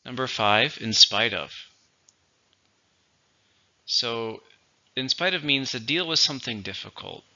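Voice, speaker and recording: A man teaching English vocabulary, explaining words slowly and clearly in a teacherly way. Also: mid-range voice, expressive, bright, forceful tone, highs cut off. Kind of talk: vocabulary lesson.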